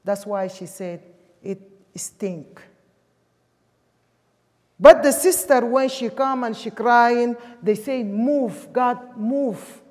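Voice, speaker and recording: A woman's voice: fairly high pitch, slow pace, pauses often, darkish tone. A woman from Sudan, preaching a sermon emphatically in English. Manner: emphatic, with non-native English grammar. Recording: long hall reverb.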